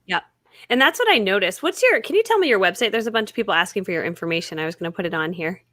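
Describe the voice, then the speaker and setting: Bright, dry-sounding woman host. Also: medium pitch, lively intonation, very fast, no room sound. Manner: enthusiastic, giggly. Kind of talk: casual live chat.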